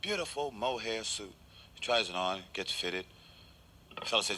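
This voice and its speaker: A man's voice: fairly low pitch, lively intonation, moderate pace, sharp tone. A man doing a laid-back stand-up routine on a television stage, chuckling at his own jokes. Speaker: stand-up comedian.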